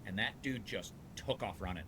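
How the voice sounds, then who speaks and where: A man's voice: fairly low pitch, normal speed, slight background noise. A man who owns a dealership, talking casually and bluntly, telling stories with lots of restarts. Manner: rambling, animated storyteller with frequent restarts; salty, blunt talk. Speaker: dealership owner. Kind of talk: casual storytelling on a podcast.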